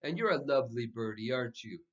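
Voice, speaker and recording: A man's voice: medium pitch, expressive, fast, a bit bright, lo-fi sound, close to an everyday voice. A man voicing a cheerful, doting grandmother over sixty who talks in a fond, chatty way.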